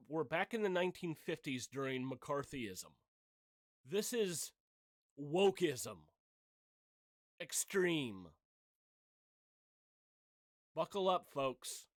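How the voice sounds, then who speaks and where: A man's voice: medium pitch, no echo, clean studio sound. A middle-aged man hosting his own channel, delivering a blunt, heated, profane opinion rant. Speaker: channel host.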